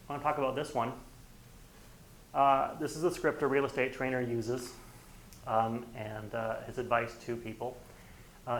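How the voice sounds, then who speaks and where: A man with a gravelly, fry-tinged voice runs a real estate workshop in a training room. He teaches in a loose, conversational way and slips into acted dialogue to make his points. His voice sits at an ordinary middle pitch. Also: slight background noise, rough recording. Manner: conversational, acts out quoted dialogue. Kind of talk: workshop lecture.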